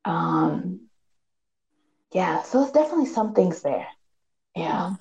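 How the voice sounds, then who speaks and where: A woman's voice: lowish voice, big pitch swings, slow pace, gravelly, warm tone, highs cut off. A woman in casual conversation, thinking aloud with many fillers and restarts. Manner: thoughtful, hesitant, many fillers.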